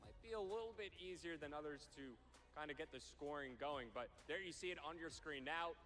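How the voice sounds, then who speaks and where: A male analyst talks fast in a slightly raised voice as he walks through a map breakdown. He explains step by step, dropping filler words as he goes. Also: on the high side, soft background music. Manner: explanatory, steady walkthrough with fillers. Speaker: esports analyst. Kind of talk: analysis segment.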